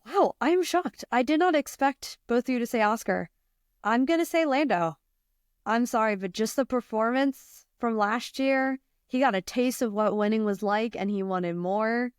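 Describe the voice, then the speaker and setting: A woman's voice: on the high side, normal speed, clean tone, no room sound. Upbeat American woman hosting, dry close sound. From United States. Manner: laughs often, teasing and upbeat. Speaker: podcast host. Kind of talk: casual podcast chat.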